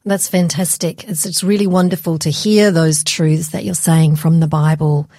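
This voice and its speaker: A woman with a lowish, mellow voice hosts an interview, asking earnest questions and responding with encouragement. She is recorded close and dry. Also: fairly even intonation, moderate pace, dry recording. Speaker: host. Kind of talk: radio interview hosting.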